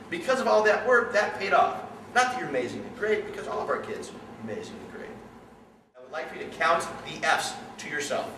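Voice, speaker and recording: A middle-aged man coaching, giving an animated story-driven talk to parents and questioning his audience. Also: on the high side, a little fast. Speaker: youth sports coach. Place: room with an audience. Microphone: distant room mic. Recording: echoey room, distant mic, background noise.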